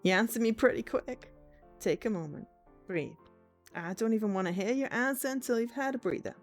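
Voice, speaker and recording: A woman voicing a calm, caring angel guide in a put-on American accent, gentle and earnest, over faint game music. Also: a little high, fairly quick, lightly acted. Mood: soothing.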